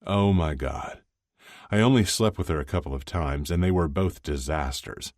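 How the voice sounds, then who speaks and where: A cheerful, teasing young hockey player, as a man reads him out in a storybook reading. The voice is extremely deep and low, recorded close and dry. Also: normal speed, darkish tone, no room sound. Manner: teasing, laughing easily.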